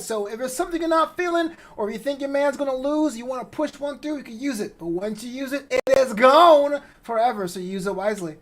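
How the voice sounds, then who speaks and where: Man, high pitch, co-host, easygoing, laughs a lot. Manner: laughs easily, relaxed slang. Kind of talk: casual livestream banter.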